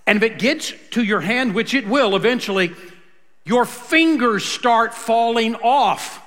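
A male pastor delivers a sermon as dramatic storytelling, dropping to a hush and then rising again. His voice is high and bright. It carries through a reverberant hall. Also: expressive, measured pace. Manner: dramatic storytelling, swings from loud to hushed.

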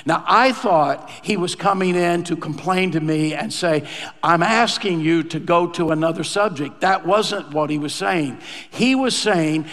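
A man's voice: a little high, normal speed, a bit bright, in a large hall. A male pastor telling a story in a sermon, acting out the lines he quotes in a conversational way.

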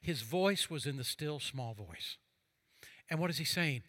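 Man preaching, high voice, bright tone, fervent then hushed, reads scripture dramatically. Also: lively intonation, a little slow, dry recording. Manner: preaching with rising fervor and hushed quiet passages. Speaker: pastor. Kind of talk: sermon.

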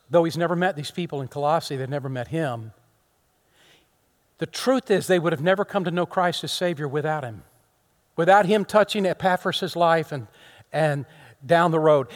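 A middle-aged pastor with a slightly high voice preaches to his congregation. He moves between loud, impassioned climbs and soft asides spoken almost in a whisper.

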